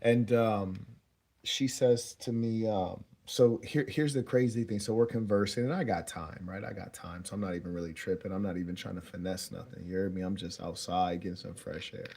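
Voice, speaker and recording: A young man telling a story as a dating advice host, relaxed and slangy, often chuckling as he talks. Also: low voice, moderate pace. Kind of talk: casual storytelling monologue.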